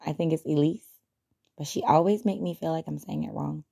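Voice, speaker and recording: A woman's voice: low-pitched, a little fast, gravelly, dark tone, breathy edge. A young adult woman hosting a podcast, talking casually and reflectively, chatty and self-deprecating with frequent laughs. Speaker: podcast host.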